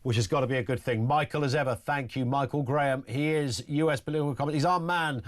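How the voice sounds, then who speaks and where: A man's voice: medium pitch, steady tone, quick pace. A man hosting a talk radio show, chatty and blunt, often sounding incredulous.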